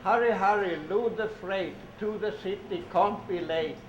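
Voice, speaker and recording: High-voiced man reading train books to kids. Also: normal speed. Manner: sing-song, repeats words, prompts kids to say sounds along. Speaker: storybook reader for children. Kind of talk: reading children's train picture books aloud. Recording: echoey room, dull lo-fi sound with noise.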